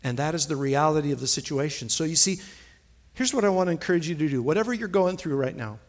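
A middle-aged man preaching a sermon in a church, emphatic and repetitive, swinging between soft asides and loud, stressed phrases. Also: a little high, animated, fast talker. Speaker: pastor. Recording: long hall reverb.

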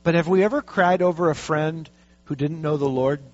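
A man preaching a sermon, telling a story with lively, animated delivery and acting out the quotes. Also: fairly high pitch, normal speed. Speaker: pastor. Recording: dull lo-fi recording.

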